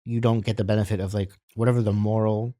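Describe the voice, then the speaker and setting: A man's voice: fairly low pitch, level tone, fast, dark tone, dry recording, clean studio sound. A man talking in casual chat as a podcast guest, laid-back and trailing off with many "like"s.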